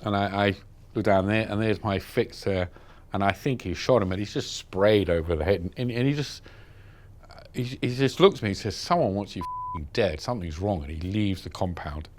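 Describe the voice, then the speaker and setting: British man, vivid low-voiced storyteller. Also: moderate pace, a little hiss or hum. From Britain. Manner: vivid storyteller, acts out dialogue. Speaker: journalist recounting captivity. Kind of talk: first-person interview account.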